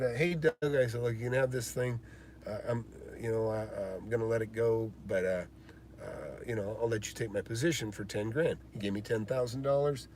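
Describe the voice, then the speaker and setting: A man's voice: medium pitch, a little mellow, slight background noise. A man hosting a live stream about real estate investing, answering viewer questions and telling stories with many fillers and a lot of emphasis.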